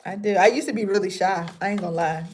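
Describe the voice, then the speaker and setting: A woman's voice: medium pitch, fast talker, a little mellow, a little hiss or hum. Chatty woman livestreaming. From North Carolina. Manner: chatty and laughing often, talking to viewers. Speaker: livestream host. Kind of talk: casual livestream chat with viewers.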